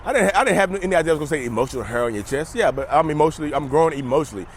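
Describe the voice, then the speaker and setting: A man's voice: on the high side, animated, racing, slight background noise. A man talking off the cuff outdoors to his viewers, rambling and joking as he goes. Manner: rambling, jokey, addresses viewers as y'all. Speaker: mental health vlogger. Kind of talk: casual unscripted monologue to camera.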